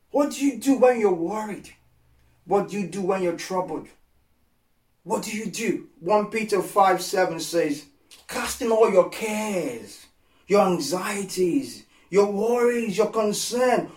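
High-voiced impassioned male preacher, echoey. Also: animated, measured pace. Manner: impassioned, repeats phrases for emphasis, swings from hushed to loud. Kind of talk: sermon. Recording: echoey sound from a distant mic.

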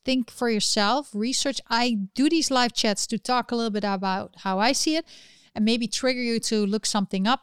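Chatty woman with a smooth, higher voice. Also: no echo, studio quality. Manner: chatty, opinionated, with frequent restarts. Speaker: live chat host. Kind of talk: casual livestream chat.

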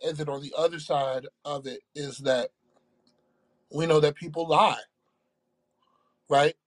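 A man co-hosting a casual podcast, talking in a measured, reflective way and often checking in with "right?". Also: on the high side, steady tone. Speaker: podcast co-host. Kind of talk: casual chat.

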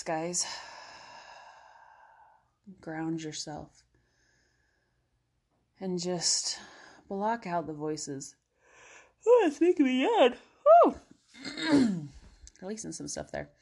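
A low-pitched woman hosts a laid-back self-help podcast, offering gentle encouragement sprinkled with many fillers. Now and then she slips into calming guided relaxation.

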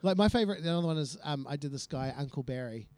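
A man with a New Zealand accent on a podcast, chatting casually with slow, mumbled, deadpan asides. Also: on the high side, dry recording. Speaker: podcast co-host. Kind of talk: casual chat.

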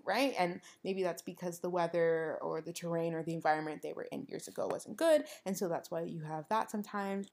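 Young woman on her podcast, chatty, lots of "like", acts out the dialogue in her stories. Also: lowish voice. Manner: animated storytelling, acts out quoted dialogue; frequent "like" fillers. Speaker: podcast host. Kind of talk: casual monologue.

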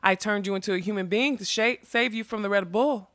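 A woman voicing a young male magician who speaks hoarsely but keeps his voice level. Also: mid-range voice, brisk, a bit bright, dry recording, studio quality, close to an everyday voice. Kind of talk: audiobook character reading.

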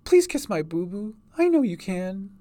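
A man's voice: high voice, big pitch swings, moderate pace, warm tone, no echo, pitched above the performer's own voice. A man voicing a small hurt little girl who sobs and pleads in a storybook reading. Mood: pleading. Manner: sobbing, pleading.

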